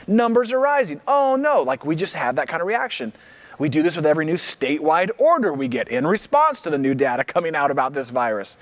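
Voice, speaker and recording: A male pastor preaching a livestreamed sermon with no congregation present, acting out worried reactions and repeating key lines slowly for emphasis. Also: sits high. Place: church, livestreamed without congregation.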